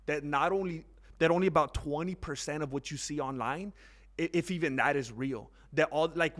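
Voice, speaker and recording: A young man giving a rambling casual monologue on fight news, animated and mocking. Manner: rambling, animated, mocks others in high exaggerated voices. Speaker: MMA commentary YouTuber.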